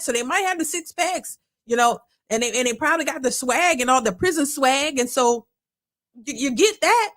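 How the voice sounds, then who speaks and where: Speaking in a high voice, a woman reacts on video with lively, colloquial commentary. She keeps it casual and frequently repeats herself.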